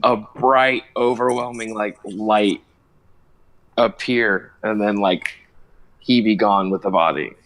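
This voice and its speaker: A man playing a tabletop game over a voice call, relaxed and hesitant, filling his sentences with fillers. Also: on the low side, slow. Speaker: player. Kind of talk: casual tabletop game play.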